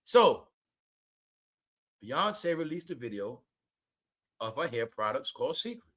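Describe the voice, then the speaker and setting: A man doing casual, comedic celebrity gossip commentary, talking loudly, swearing, repeating names and laughing at his own jokes. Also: mid-range voice, big pitch swings, a little slow.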